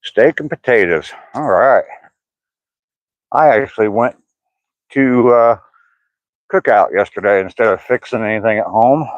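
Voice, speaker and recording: A man's voice: on the low side, a little slow, long pauses, no room sound, dull audio. An older man chatting casually with live chat viewers by name on an outdoor walk, mentioning his sore hip. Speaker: vlogger reading live chat.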